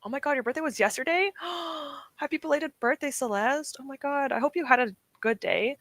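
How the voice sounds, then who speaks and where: A woman's voice: high-pitched, fast talker, fairly bright tone, dry recording. A young woman streaming from home, chatting casually and encouragingly with her live chat, often laughing. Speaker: streamer hosting reading sprints.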